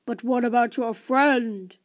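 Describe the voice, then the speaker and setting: A small, strange creature speaks with solemn insistence in a storybook tale, as a woman reads it out. The voice sits lower than the narration and moves slowly and firmly. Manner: solemn, urging. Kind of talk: storybook reading.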